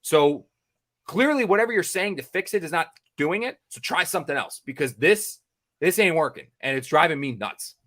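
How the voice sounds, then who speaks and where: A man's voice: on the high side, expressive, moderate pace, a bit bright. Exasperated American man ranting on a podcast. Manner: exasperated, repetitive, swears freely. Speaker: podcast co-host, sports reporter.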